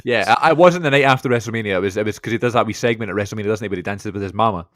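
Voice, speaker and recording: A man's voice: lowish voice, rapid-fire, fairly bright tone, no echo, studio quality. A Scottish man co-hosting a podcast, chatting casually, laughing often and reading out lists of matches. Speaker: podcast co-host.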